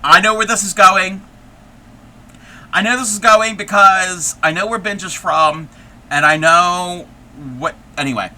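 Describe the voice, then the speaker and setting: Male stream host, casual crafting chat, slightly high, very bright tone, rambling and laugh-prone. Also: fairly even intonation, a little slow. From United States. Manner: rambling, chatty, laughs often. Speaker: livestream host. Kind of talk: casual livestream chat while crocheting.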